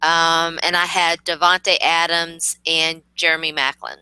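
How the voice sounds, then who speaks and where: A woman's voice: deep voice, level tone, a little slow, bright, forceful tone, smooth, no echo, low-quality recording. A woman co-hosting a casual fantasy football chat, talking in a chatty, self-deprecating way. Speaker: podcast co-host.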